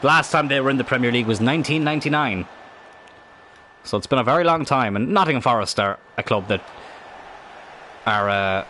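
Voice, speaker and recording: A man commentating on his own football video game live, excitable and rambling, swearing at the game. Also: medium pitch, fairly quick, long pauses, a little hiss or hum. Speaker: game streamer.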